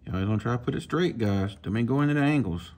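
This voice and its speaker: A man, casually talking viewers through swapping a reel handle, folksy and relaxed as he works. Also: mid-range voice, fairly quick. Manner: relaxed, talks to himself while working, folksy. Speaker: fishing channel host. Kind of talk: casual hands-on tutorial.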